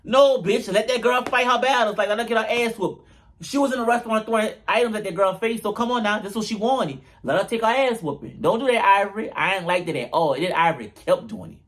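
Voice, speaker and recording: Sassy high-voiced man recapping reality drama. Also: fast talker, fairly bright tone. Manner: sassy, profane, jumps into mocking quoted voices. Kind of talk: animated comedic recap.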